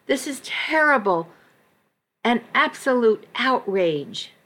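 A woman voicing a zealous, furious mother who shouts imperiously, reading a story aloud. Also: fairly high pitch, animated, slow pace. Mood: outraged.

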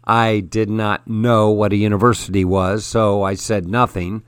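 Slow, measured male storyteller. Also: on the low side, little pitch movement, clear, resonant tone, dry recording, clean studio sound. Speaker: audiobook narrator. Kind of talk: first-person storybook narration.

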